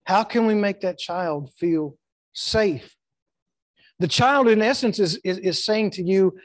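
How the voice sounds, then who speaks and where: Middle-aged male pastor, high-pitched, emphatic sermon delivery, dry close mic. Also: takes it slowly, dry recording. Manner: emphatic preaching with acted-out quotes and repetitions. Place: church sanctuary.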